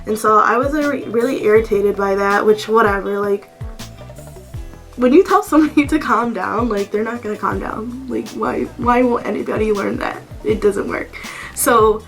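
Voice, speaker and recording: A woman's voice: on the high side, moderate pace, faint music behind. A woman vlogger telling a storytime story in a blunt, exasperated way, full of "like". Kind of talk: storytime vlog.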